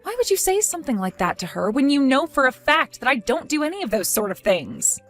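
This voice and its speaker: A woman's voice: high-pitched, very animated, brisk, a bit bright, faint music behind. A woman as an exasperated young wife. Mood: indignant. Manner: pleading, indignant denials. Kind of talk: text-story drama acting.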